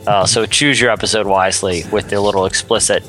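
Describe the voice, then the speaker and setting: A man's voice: fairly low pitch, fairly even intonation, quick pace, a bit bright, faint music behind. A man calling in over a video call line to co-host a podcast, easygoing and a bit rambling as he explains things. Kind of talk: casual podcast chat.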